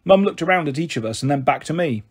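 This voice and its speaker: Husky-voiced man reading a children's story. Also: lively intonation, fast. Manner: gentle, voices the characters with raised and lowered pitch. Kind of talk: audiobook narration of a children's novel.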